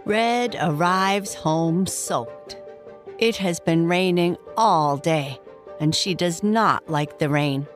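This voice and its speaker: Slow, soothing woman storyteller. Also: fairly low pitch, faint music behind. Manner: slow, soft and soothing, reading names warmly. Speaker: storyteller host. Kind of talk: gentle bedtime story narration.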